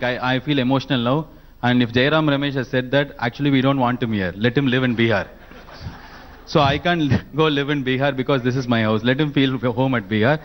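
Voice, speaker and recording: A man answering on a panel in a rambling, comic way, often restarting his sentences. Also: medium pitch.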